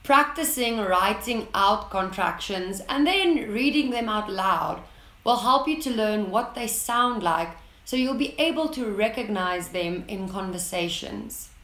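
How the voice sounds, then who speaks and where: A woman narrating an English lesson in a slow, deliberate way, reading out example sentences with clear enunciation. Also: mid-range voice, expressive, a bit bright, reverberant. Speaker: English teacher.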